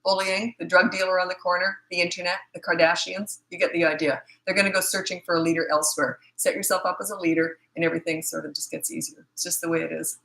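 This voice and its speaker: A woman's voice: lowish voice, little pitch movement, quick pace, gravelly, hardly any pauses, a bit bright, poor audio. A middle-aged woman from Canada, a parenting coach, answering viewer questions in a casual, blunt, matter-of-fact livestream chat.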